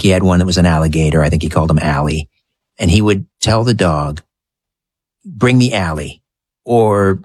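A man's voice: low voice, breathy edge, dry recording. A male radio talk show host, chatting easily with callers and swapping stories. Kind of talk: late-night call-in radio.

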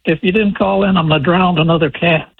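A man in his seventies calling a radio show, speaking in a halting, rambling way. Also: high voice, fairly even intonation, creaky, noisy background. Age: 70s. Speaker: caller. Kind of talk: phone-in chat. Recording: muffled phone line.

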